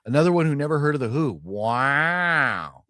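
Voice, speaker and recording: A man's voice: fairly high pitch, big pitch swings, moderate pace, a crowd in the background. A man hosting a casual podcast stream, tipsy from drinking, rambling and joking as he reads out viewer comments. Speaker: podcast host. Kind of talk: casual livestream chat.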